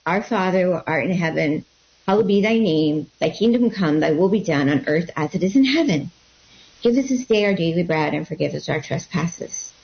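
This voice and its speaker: A woman guest telling a personal story in an interview, animated and acting out what people said. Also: on the low side. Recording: dull lo-fi sound.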